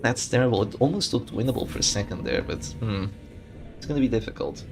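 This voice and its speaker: A man streaming a tournament and commentating live in a chatty, animated way, thinking aloud and restarting his sentences. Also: fairly low pitch, fast talker, vocal fry, music in the background. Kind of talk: casual live game commentary.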